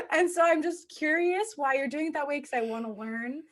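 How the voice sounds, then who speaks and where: A woman's voice: high voice, normal speed. A young adult woman hosting a podcast, chatting casually, musing aloud and laughing often. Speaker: podcast host. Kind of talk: casual chat.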